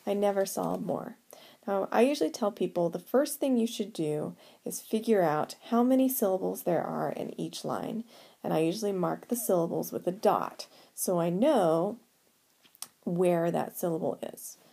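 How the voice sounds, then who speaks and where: A woman teaching poetry, speaking slowly and sounding out stressed syllables with care. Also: lowish voice, expressive, vocal fry, mellow, breathy edge. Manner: slow, deliberate, sounding out stresses. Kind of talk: explaining poetic meter to students.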